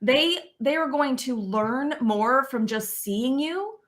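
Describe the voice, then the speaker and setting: A woman's voice: high voice, animated, slow, a bit bright. Earnest, storytelling middle-aged woman. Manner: earnest storytelling, frequent "right?" tags. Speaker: guest. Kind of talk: casual chat.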